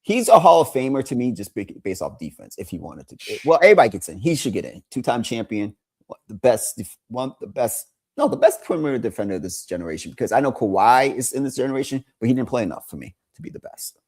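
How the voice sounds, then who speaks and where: Sports podcast dude, voice jumps all over, excitable, trips over his words. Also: medium pitch, quick pace, breathy edge. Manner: excitable, lots of restarts and laughter. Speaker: podcast co-host. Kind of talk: casual sports chat.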